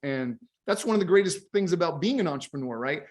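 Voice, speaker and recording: Energetic, high-voiced man telling his story. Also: fast talker. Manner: energetic, tags sentences with "right?". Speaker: guest, company founder. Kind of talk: casual interview chat.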